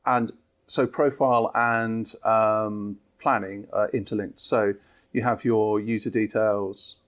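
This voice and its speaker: A man, an app developer, calmly explaining new features in an interview. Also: fairly low pitch, slow. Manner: steady, explanatory, with fillers.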